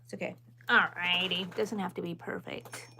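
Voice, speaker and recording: Woman, middle-aged, crochet livestream host; unhurried, chatty, counts stitches aloud between stories. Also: on the low side, creaky, a little hiss or hum. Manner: chatty and relaxed, drifting between dogs, chores and stitch counting. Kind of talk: casual livestream chat while crocheting.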